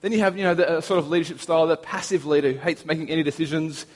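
Young Australian male preacher, slightly raised pitch, easygoing anecdotal delivery, long hall reverb. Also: very fast. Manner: relaxed, anecdotal storytelling with humor. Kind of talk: sermon.

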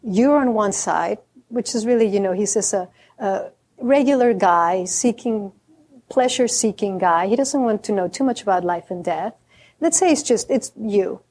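A woman Zen teacher gives a dharma talk in a mid-range, slightly mellow voice. Reflective and candid, she slows down to stress key words and adds some self-deprecating humor.

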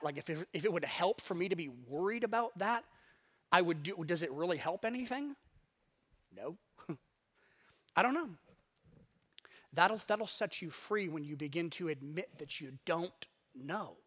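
High-voiced, animated male pastor. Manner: conversational, emphatic, with many restarts and asides. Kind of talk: sermon.

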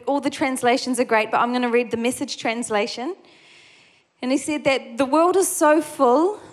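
A woman giving an informal, casual teaching on prayer, often laughing and using everyday fillers. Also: fairly high pitch. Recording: long reverb.

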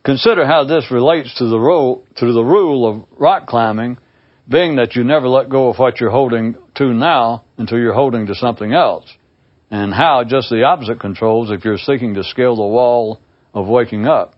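A man's voice: mid-range voice, moderate pace, highs cut off. A man giving an informal spiritual talk, reading parables aloud with wry, self-mocking asides. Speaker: spiritual teacher.

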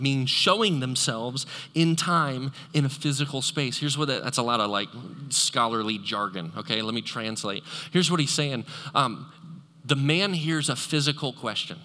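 A male pastor preaching a sermon in a church, animated and conversational, joking with the congregation. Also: mid-range voice. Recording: long echoey hall reverb.

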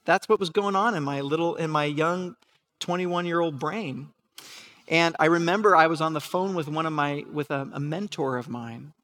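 Man, pastor type, earnest and halting storyteller, slightly raised pitch, quiet when quoting others. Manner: earnest, halting with restarts and fillers, laughs at himself; acts out remembered voices softly. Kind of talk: sermon storytelling.

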